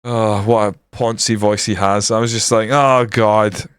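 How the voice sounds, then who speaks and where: A man's voice: fairly low pitch, level tone, moderate pace, clean tone, no echo. Sweary Scottish man, dry close sound. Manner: blunt, sweary, joking. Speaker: streamer. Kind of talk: casual gameplay commentary.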